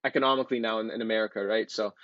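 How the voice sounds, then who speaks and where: A man's voice: on the low side, steady tone, rapid-fire, a bit bright, no echo, dull audio. A man casually talking viewers through trading charts in a loose, chatty way, with plenty of ums and filler words. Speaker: trading educator. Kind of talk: casual screen-share chart walkthrough.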